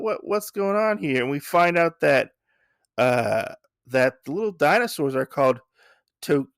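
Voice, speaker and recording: A man's voice: medium pitch, gravelly, dry recording, clean studio sound. A man hosting a podcast, recapping a comic in a rambling, casual way, swearing now and then. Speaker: podcast host.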